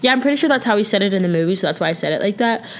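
Racing along in an expressive mid-range voice, a young woman hosts her own casual podcast, full of playful slang and the odd burst of song. The audio carries a little hiss or hum.

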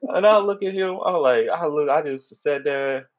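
A man's voice: fairly high pitch, moderate pace, lo-fi sound. A man, telling a funny story in casual chat, emphatic and laughing often. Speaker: storyteller recounting a party.

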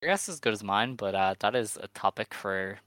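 A man co-hosting a casual podcast, reading out standings in a measured, dry way. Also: on the low side, expressive, a bit bright, dry recording. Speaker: podcast co-host.

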